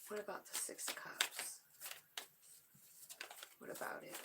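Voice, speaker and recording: A woman giving a spiritual tarot reading, soft-spoken and emotional, often dropping to a whisper. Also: unhurried, noisy background. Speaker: tarot reader.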